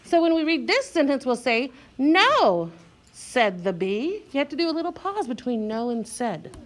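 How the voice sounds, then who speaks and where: A woman teacher guides a young child through a reading lesson, speaking slowly and clearly as she sounds out letters and offers encouragement. Her voice is high, with lively intonation.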